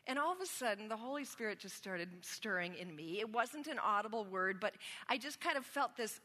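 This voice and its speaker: A woman's voice: on the high side, expressive, fairly quick, sharp tone. A woman pastor giving a sermon to her congregation, telling stories about herself with a conversational, self-deprecating manner. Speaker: spiritual formation pastor. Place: church sanctuary. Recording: long reverb of a large hall.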